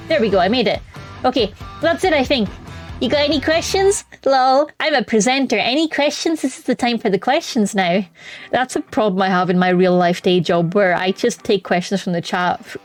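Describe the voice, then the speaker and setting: A woman's voice: a little high, poor audio. Chatty woman streamer. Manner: chatty, self-mocking, laughs often. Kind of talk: casual chat to stream viewers.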